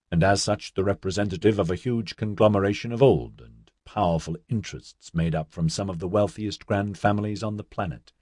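Deep husky guy reading a novel, steady pace, dry close sound. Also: no room sound. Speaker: audiobook narrator. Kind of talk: scripted narration.

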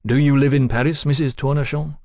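A man's voice: mid-range voice, fairly even intonation, fairly quick, warm tone, no room sound, voice pushed up, natural voice. Casting: male narrator doing a reserved, polite escort, restrained delivery. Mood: courteous.

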